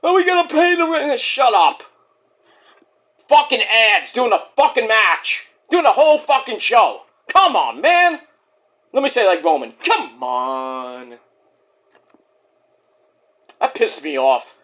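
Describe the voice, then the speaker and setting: A man talks through a wrestling event in a casual review vlog, ranting and cursing as he goes. His voice is bright and forward, and his pitch jumps up and down a lot. He slips into quoted voices of the people he describes. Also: big pitch swings, moderate pace. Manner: profane, ranting, acts out quotes.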